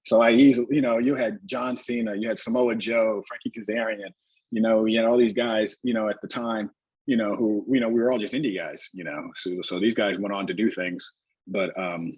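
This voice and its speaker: A middle-aged man with a husky, slightly rough voice recounts old stories in a loose, rambling way. His speech is packed with fillers and restarts. The sound is close and dry, with no room around it. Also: fairly low pitch, steady tone, brisk, a little mellow, dry recording, rough recording. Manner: rambling and anecdotal, with many "you know" fillers and restarts. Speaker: interview guest, retired pro wrestler. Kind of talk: casual storytelling in a podcast interview.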